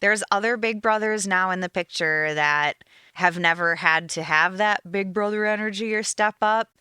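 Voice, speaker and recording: A woman's voice: medium pitch, moderate pace, sharp tone, clean tone, dry recording, clean studio sound. A woman with a Minnesota accent, co-hosting a podcast in casual, opinionated recap chat full of fillers. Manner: chatty and opinionated, with frequent fillers. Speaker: podcast co-host.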